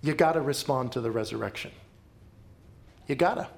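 A man's voice: mid-range voice, normal speed, vocal fry. A man preaching a sermon as a pastor, telling stories dramatically and repeating lines for emphasis. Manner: dramatic storytelling with emphatic repetition.

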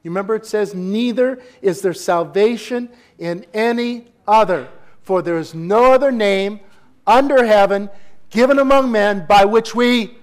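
A man delivers a sermon in a notably high voice. He preaches emphatically, climbing to forceful exclamations, then dropping to hushed asides. He keeps calling out for responses from his congregation. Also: a little slow. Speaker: pastor.

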